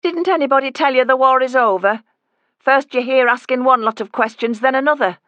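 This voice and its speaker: Man reading as a mother, sullen and suspicious, high and shrill, loud and pushy, audiobook voice, dry close sound. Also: lively intonation, normal speed, clear, resonant tone, no echo, muffled recording. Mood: hostile. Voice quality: sharp, high and combative. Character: sullen older working-class mother, suspicious and protective. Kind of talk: audiobook character voice.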